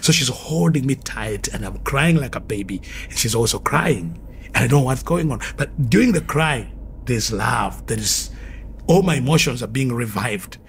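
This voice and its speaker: A man's voice: mid-range voice, lively intonation, normal speed, slight background noise. A man who was formerly an occultist gives an earnest, vivid spoken testimony, repeating phrases as he tells his story.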